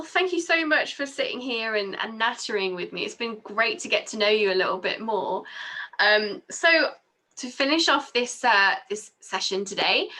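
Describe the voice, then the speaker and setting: A woman's voice: mid-range voice, bright, forceful tone. A woman hosting a casual interview, friendly and encouraging as she chats with her guest. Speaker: interview host.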